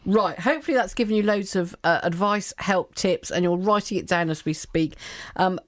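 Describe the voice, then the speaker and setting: A woman's voice: lowish voice, normal speed, no room sound, clean studio sound. A woman presenting a local radio chat show, playful and chatty, joking with her guest and the listeners. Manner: playful, chatty, laughs often.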